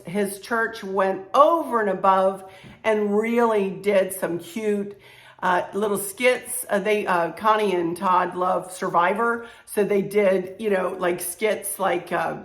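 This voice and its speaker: A home decor vlogger with a Southern American accent chats casually to camera, rambling and using lots of fillers. Her voice is hoarse and strained, medium in pitch and a bit bright, recorded with a roomy sound.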